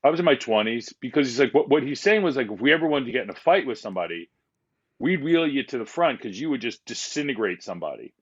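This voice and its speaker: A man's voice: medium pitch, animated, fast, breathy edge, muffled recording. Candid rambling man on a podcast. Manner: candid, rambling, with many restarts and fillers. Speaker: podcast guest. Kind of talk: casual conversation.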